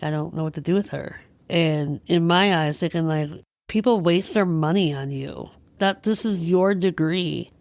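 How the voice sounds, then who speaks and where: A woman hosts her podcast with a low voice that sits close and dry. She speaks candidly and with feeling, searching through a personal story. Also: a little mellow, no room sound. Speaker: podcast host. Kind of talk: personal reflective monologue.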